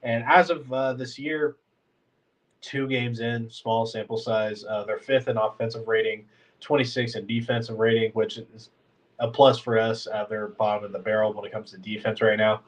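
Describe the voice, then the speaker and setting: A man's voice: on the low side, level tone, moderate pace, distant mic, poor audio. A man hosting a casual sports podcast, congested and talking in a rambling, filler-heavy way like a frustrated fan. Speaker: podcast host.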